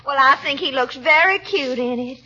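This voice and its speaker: A coy, teasing lady of genteel manners, high and bright with a lively lilt. Her lines come through a dull, old radio recording. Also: normal speed. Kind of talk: 1940s radio comedy acting.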